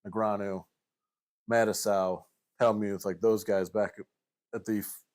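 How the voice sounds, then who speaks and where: A man's voice: fairly low pitch, little pitch movement, measured pace, darkish tone. A young man hosting a casual poker podcast, easygoing and full of fillers as he guides the segments. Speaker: podcast host running segments.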